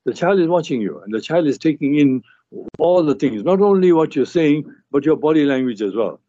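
A man's voice: fairly high pitch, lively intonation, brisk, dark tone, dry recording. A man, a family physician, giving advice on a radio talk show in an earnest, explanatory way with frequent restarts and fillers. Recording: muffled radio broadcast.

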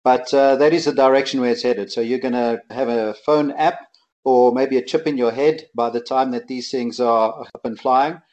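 A man co-hosting a casual radio chat, relaxed and chatty. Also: medium pitch, normal speed, muffled recording. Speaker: co-host.

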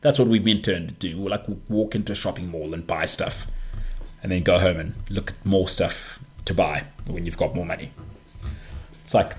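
A man talking in a relaxed solo podcast monologue, with a somewhat low voice. He rambles, restarts his sentences and pokes fun at himself as he muses. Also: moderate pace. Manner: rambling, self-deprecating, many restarts. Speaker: podcast host.

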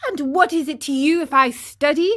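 A woman voicing a cheeky, cocky wooden puppet boy in a storybook reading, high and taunting. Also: moderate pace, fairly bright tone.

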